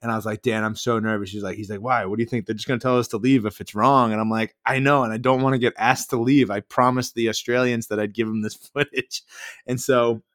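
A man's voice: mid-range voice, fairly even intonation, fast talker, a bit bright, no echo, studio quality. A man, a podcast host casually telling a rambling anecdote full of "like" fillers. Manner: rambling anecdotal, frequent "like" fillers, mimics others in quotes. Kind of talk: casual storytelling chat.

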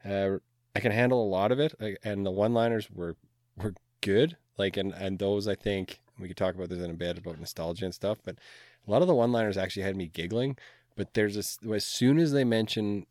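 A man's voice: on the low side, brisk, a little mellow, no echo, clean studio sound. A man co-hosting a podcast, chatting casually in a laid-back, playful, rambling way. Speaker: podcast co-host. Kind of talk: casual chat.

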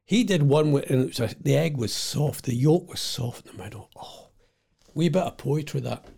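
A man's voice: a little high, moderate pace, gravelly, dark tone, slightly rough. An older Scottish man chatting at home in a casual, digressive monologue, often losing his thread. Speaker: vlogger.

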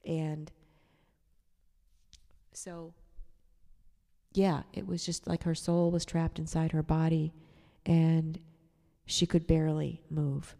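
A woman's voice: low voice, flat delivery, slow, vocal fry, pauses often, mellow, big-room sound. A woman telling a personal story in a chatty, digressive way, with sarcastic asides. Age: adult. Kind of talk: casual storytelling monologue.

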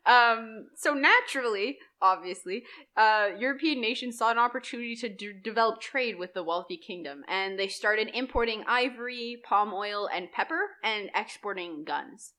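A woman's voice: a little high, normal speed. A young woman co-hosting a podcast, casually telling history with lots of likes and ums. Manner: lively, chatty, many likes and ums, laughs often. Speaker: podcast co-host presenting history. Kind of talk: casual conversational history chat.

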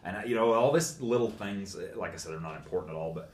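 A man with a very low, deep voice tells a long story in a plainspoken, rambling way, full of folksy turns of phrase. The sound is roomy, with a faint hiss underneath. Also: very fast, few pauses. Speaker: guest telling a story. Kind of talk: casual spoken storytelling.

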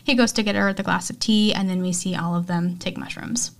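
A woman's voice: medium pitch, fairly even intonation, brisk, vocal fry. Chatty woman recapping a film. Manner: chatty, filler-heavy retelling with acted quotes. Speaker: podcast host. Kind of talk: casual movie recap.

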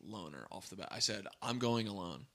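A young man co-hosting a podcast, chatting casually in an animated, quick way with lots of fillers and laughs. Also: fairly low pitch, noisy background. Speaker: podcast co-host. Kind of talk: casual chat.

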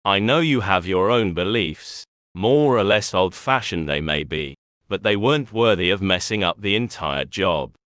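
A man voicing a smooth-talking, scheming male former employer who coaxes and persuades. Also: sits low, lively intonation, moderate pace, fairly bright tone, no echo, studio quality. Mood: persuasive. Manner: coaxing, persuasive.

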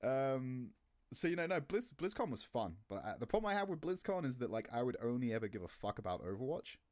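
A man's voice: sing-song, brisk, a little mellow. A man chatting casually about esports, laughing easily and acting out remembered conversations. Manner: chatty, laughs easily, acts out quotes with a higher voice. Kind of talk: casual podcast chat.

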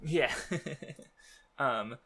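A man's voice: medium pitch, drawn-out words, a crowd in the background. A man casually discussing a manga series as a podcast co-host, rambling with many fillers and restarts.

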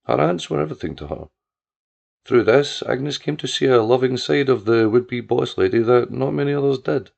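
A man narrating a story in a steady storytelling manner, on a dull lo-fi recording. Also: medium pitch, normal speed, creaky. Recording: dull lo-fi audio.

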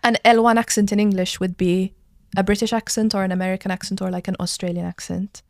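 A woman's voice: mid-range voice, fairly even intonation, fast talker, vocal fry, no room sound. A young woman from Malta with a Maltese accent, a drama student chatting casually on a podcast and explaining at length with lots of "like" fillers. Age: young adult. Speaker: drama school student guest.

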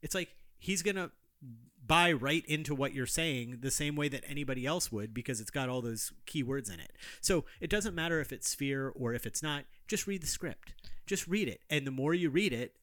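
A man's voice: on the high side, expressive, normal speed, a bit bright, dry recording, clean studio sound. A man co-hosting a podcast in casual chat, arguing his points emphatically and repeating himself for force. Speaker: podcast co-host.

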